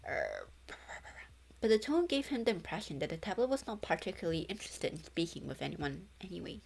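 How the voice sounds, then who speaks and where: A woman's voice: fairly low pitch, wildly swooping pitch, brisk, gravelly, a little mellow, slightly rough. A young woman VTuber reading a novel aloud in a casual read-along, stumbling, correcting herself and breaking into chatter.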